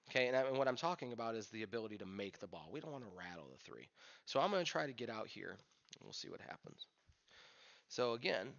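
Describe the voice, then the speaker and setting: In a dull, lo-fi recording, a pool instructor talks through his shots, thinking aloud in a plain coaching way. His voice sits mid-range, creaky and fairly bright.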